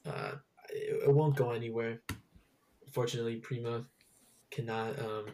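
A man's voice: medium pitch, steady tone, normal speed, mellow, slight background noise. A young man hosting a casual gaming chat, rambling with lots of fillers and restarts. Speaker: podcast host.

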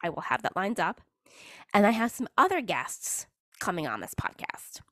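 Woman rambling on her solo podcast, pitch jumps all over, dry close sound. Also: sing-song, normal speed, sharp tone, no room sound. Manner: chatty, rambling, self-interrupting. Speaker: podcast host. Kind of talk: casual solo podcast monologue.

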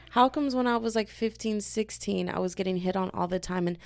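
A woman in her early twenties hosting a podcast, ranting casually and rambling, tired but wired, often jumping into high-pitched voices to quote people. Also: a little fast, creaky, few pauses, no room sound. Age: 20s. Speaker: podcast host.

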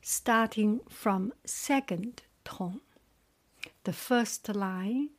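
Slow, soft-spoken woman drilling tones. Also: medium pitch. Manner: soft, often whispered, repeats each word then translates. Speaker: Mandarin teacher. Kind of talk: slow tone-drill lesson, reading word pairs.

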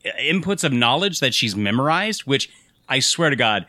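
A man's voice: mid-range voice, sing-song, normal speed, bright, forceful tone, dry recording, studio quality. A man co-hosting a podcast, discussing a film with enthusiasm, rambling a bit as he picks apart the choices in a scene. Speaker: podcast co-host.

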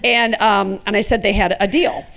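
A woman in her fifties from the American Midwest, a comedian telling animated, profane stories in a casual interview with quick asides. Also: mid-range voice. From Chicago, USA. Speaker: comedian guest.

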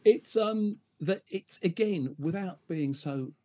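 A middle-aged man, a guest on a podcast, telling animated anecdotes and acting out other people's lines. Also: high voice, slow pace. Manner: animated storyteller, acts out others' lines, frequent laughs and restarts. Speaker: interview guest, advertising professional. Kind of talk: conversational podcast interview.

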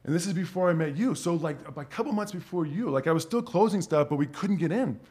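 A man telling a personal story as a podcast guest, animated and swearing freely, with plenty of filler words like "dude" and "like". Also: on the high side, quick pace. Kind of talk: casual storytelling.

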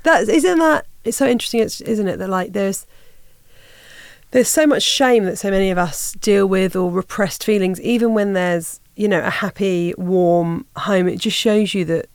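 A woman hosting a podcast interview, encouraging and warm with her guest and laughing along. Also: medium pitch, moderate pace, clean tone, dry recording. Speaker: podcast host. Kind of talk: conversational interview.

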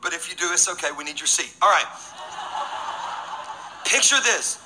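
A man preaching as pastor, energetic and joking, swinging between loud and hushed lines. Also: high-pitched, moderate pace, rough recording. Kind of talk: sermon.

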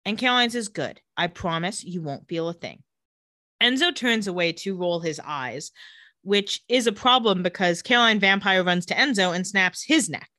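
Lively, bright-voiced woman recapping. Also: normal speed, no echo, studio quality. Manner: animated, dips into low voices for characters. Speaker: podcast co-host recapping a TV episode. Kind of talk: casual chat with acted-out quotes.

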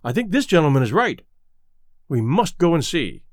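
A man's voice: a little high, big pitch swings, normal speed, dry recording, clean studio sound. A man voicing an irritable lawyer in an audiobook, speaking sharply and brusquely. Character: irritable middle-aged male lawyer, shaken.

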